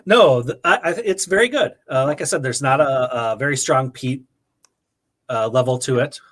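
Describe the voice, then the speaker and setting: A man's voice: medium pitch, fairly bright tone. A man co-hosting a podcast in casual chat over drinks, stammering and restarting his sentences. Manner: halting, stammering, laughs easily. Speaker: podcast co-host.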